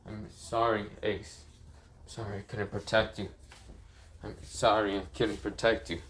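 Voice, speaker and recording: A man voicing a young male pirate hero in a fan story, his speech soft, muttered and apologetic. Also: medium pitch, a little slow, slight background noise, close to an everyday voice. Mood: sorrowful.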